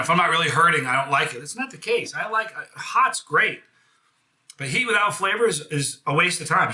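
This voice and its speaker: A man's voice: on the high side, pushed and bright, roomy sound. A man from the United States hosting a casual live hot sauce review, chatty and enthusiastic, with self-deprecating jokes.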